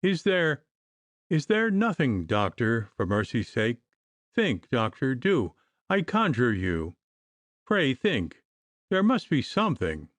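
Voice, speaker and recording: Man doing a high lisping nervous little chemist guy, begging, pitch all over, dry sound. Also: big pitch swings, a little slow, dry recording. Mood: imploring. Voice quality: lisp. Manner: pleading, flustered, high-strung. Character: plump, timid male apothecary with a lisp.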